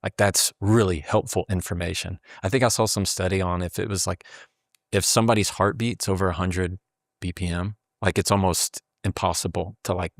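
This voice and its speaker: A man's voice: deep voice, steady tone, moderate pace, no echo, studio quality. A man in casual conversation who explains communication habits and acts out quoted dialogue as he goes.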